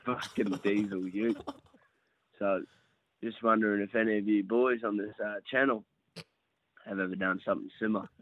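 Australian man, sick, low voice, laid-back yarn, tinny phone sound, dry. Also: dry recording. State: sick with covid. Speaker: caller.

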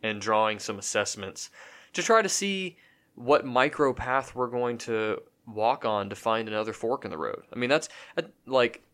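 A man's voice: medium pitch, lively intonation, moderate pace, fairly bright tone. A man co-hosting a casual podcast, talking in a rambling way with many restarts and fillers. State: has the hiccups. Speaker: podcast co-host.

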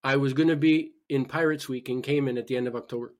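A man, a guest on a talk podcast, telling a personal story in an animated way with frequent restarts. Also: mid-range voice, fast. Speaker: podcast guest, spiritual healer. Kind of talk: personal story told in conversation.

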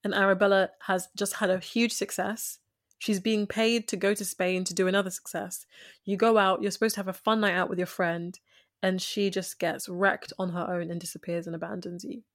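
A woman's voice: medium pitch, a little fast. A woman chatting casually about a TV series, retelling scenes and acting out the characters' lines. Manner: animated storyteller, acts out quotes. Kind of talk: casual chat reviewing a TV show.

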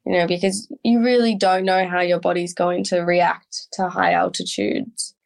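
A young Australian woman with an Australian accent, a guest telling a story in casual, lively talk, with frequent "like" and "um". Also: lowish voice, moderate pace, creaky. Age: young adult.

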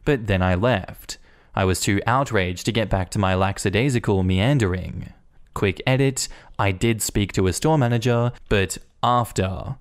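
A man narrating online stories aloud in an even, conversational reading manner. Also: on the low side, normal speed. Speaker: story narrator.

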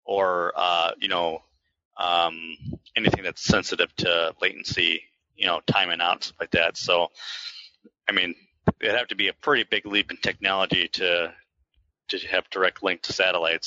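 Deep, bright-voiced man on a call. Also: little pitch movement, normal speed, no echo. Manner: reasoning aloud with many fillers. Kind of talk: casual chat on a live online show. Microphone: video call. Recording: dull lo-fi call audio.

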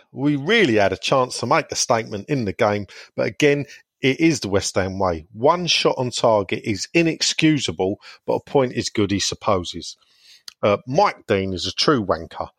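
A man hosts a casual podcast, reading listener messages aloud in a jokey, irreverent way and chuckling between lines. His voice is medium-pitched, and the studio-quality recording has no echo.

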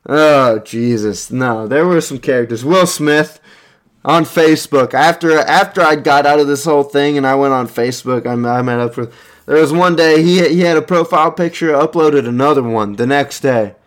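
A man's voice: on the high side, moderate pace. A young man casually telling a rambling, profane personal story, with lots of restarts and chuckles. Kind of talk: casual anecdote monologue.

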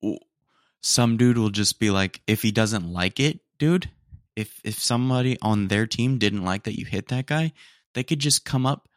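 This young adult podcast host talks alone at a moderate pace in a fairly low voice, at home with roommates close by. He rambles through slang-heavy, mock-indignant tangents and says "dude" repeatedly, on studio-quality audio with no echo.

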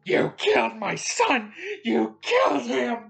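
A man's voice: fairly high pitch, big pitch swings, normal speed, vocal fry, a crowd in the background, pitched above the performer's own voice. A man voicing a grieving male goblin who sobs and wails accusations. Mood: wailing. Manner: wailing, accusing. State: crying.

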